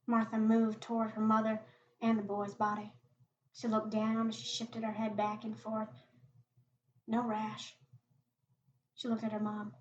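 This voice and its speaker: A woman podcast host reading a short story aloud in a steady, quiet narrating voice. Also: fairly high pitch, moderate pace, slight background noise. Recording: echoey, distant, muffled home recording.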